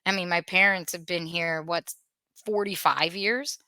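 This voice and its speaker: A woman hosts a podcast in casual, earnest talk, often breaking into uneasy laughter and restarting her sentences. Her voice is bright and forward. The sound is close and dry, with no room around it. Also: on the low side, steady tone, unhurried, no room sound. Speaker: podcast host.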